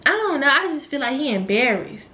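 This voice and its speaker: A woman's voice: sits high, big pitch swings, fairly quick, echoey room, slight background noise, voice pushed up, heavily acted. A woman voicing a hesitant young woman who is a baby's mother, in a storytime vlog. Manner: hesitant, soft-spoken.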